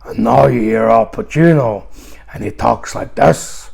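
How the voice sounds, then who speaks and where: A man's voice: medium pitch, a little slow, vocal fry, crowd noise. A man hosting a casual unboxing review, chatty and rambling with lots of fillers. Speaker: video host.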